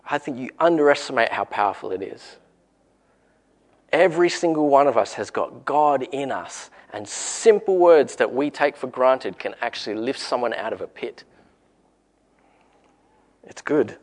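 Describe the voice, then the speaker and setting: A man with an Australian accent preaching a relaxed, encouraging sermon and telling a story in a conversational way. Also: mid-range voice, moderate pace.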